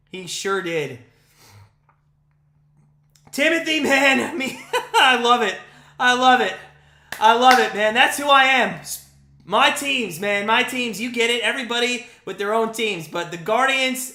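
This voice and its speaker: Excitable man calling a game, echoey room. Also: sits high. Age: 30s. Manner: excitable, swings between hyped calls and grumbling. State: out of breath. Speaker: live stream play-by-play host. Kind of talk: live fan play-by-play reaction stream.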